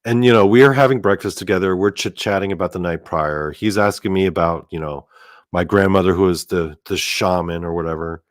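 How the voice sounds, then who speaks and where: Low-voiced man telling a wild story. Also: a little fast, no room sound, studio quality. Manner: animated and profane, heavy use of "like". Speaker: storyteller host. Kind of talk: casual storytelling monologue.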